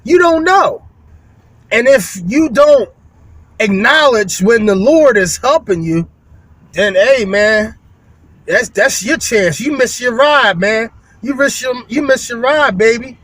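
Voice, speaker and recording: Rambling, high-voiced man vlogging. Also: slow, fairly bright tone, no room sound. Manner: rambling, conversational, many fillers and restarts; folksy, addresses viewers as y'all. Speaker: window cleaning business owner. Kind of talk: casual vlog monologue.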